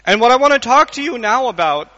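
In a very high, bright voice, a fast-talking male Islamic lecturer delivers an energetic religious lecture, staging little scenes and constantly asking the audience questions. The audio is dull and lo-fi, with a big-room sound.

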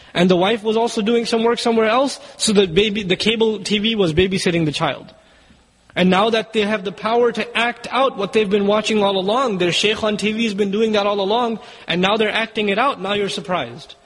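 A man's voice: sits high, husky, big-room sound, poor audio. A man giving a sermon in an urgent, exhorting way, asking the listeners rhetorical questions. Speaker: preacher.

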